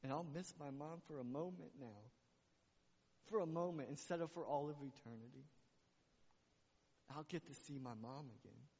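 A man's voice: a little high, normal speed, vocal fry, pauses often, darkish tone, breathy edge. A man preaching a sermon to his church, passionate and repeating phrases for emphasis. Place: church sanctuary. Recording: muffled recording with long hall reverb.

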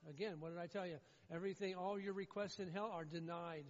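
Male pastor, impassioned sermon, high voice, muffled sound with long hall echo. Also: brisk, few pauses. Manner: impassioned, swings between loud pleading and low somber tones.

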